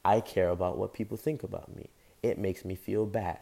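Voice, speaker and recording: Gravelly low-voiced impassioned young man. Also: fairly even intonation, normal speed, mellow. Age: young adult. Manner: impassioned, rambling, casual slang. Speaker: podcast host. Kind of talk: motivational monologue.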